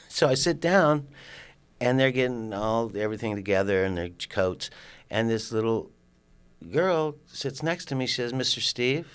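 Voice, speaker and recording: An older man from California, a podcast guest telling a story in a casual, animated way, acting out the lines of people in it and swearing now and then. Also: on the low side, clean tone.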